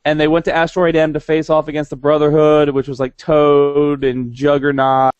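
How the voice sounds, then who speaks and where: A man's voice: on the high side, completely flat delivery, normal speed, a little mellow, smooth, dry recording, lo-fi sound. A young man co-hosting a casual podcast, rambling with many restarts. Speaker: podcast co-host. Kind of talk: casual chat.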